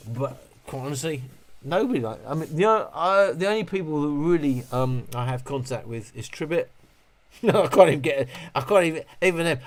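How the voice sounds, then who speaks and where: A man hosting a casual livestream, rambling and joking while he moans and swears. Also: medium pitch. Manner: rambling, joking, moaning with frequent laughs and swearing. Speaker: livestream host reviewing speakers.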